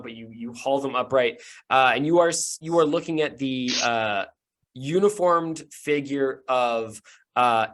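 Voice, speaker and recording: A man's voice: mid-range voice, fairly bright tone. Man improvising as game master. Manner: loose, improvised narration. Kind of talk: narrating a tabletop game.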